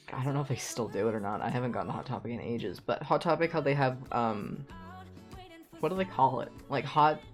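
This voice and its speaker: Young man ranting with lots of swearing. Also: fairly high pitch. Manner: heavy swearing, animated storytelling with laughs. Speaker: streamer. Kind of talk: casual rant while streaming a game.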